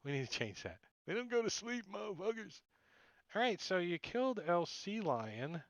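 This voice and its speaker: A man narrating a tabletop game as game master, his voice sitting a touch high. He talks loosely, laughs often, throws in sound effects and swears casually. The mic is close and dry. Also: very animated, moderate pace, no echo, dull audio. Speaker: dungeon master.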